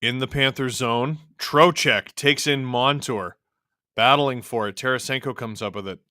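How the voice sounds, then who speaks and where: A man hosts a live stream, calling a hockey game casually and reacting to it as it unfolds. His bright, pushed-forward voice has deepened from long hours of talking. The sound is close and dry. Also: a little slow, dry recording. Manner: chatty, reacting to the game and chat as it happens. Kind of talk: casual live play-by-play and chat.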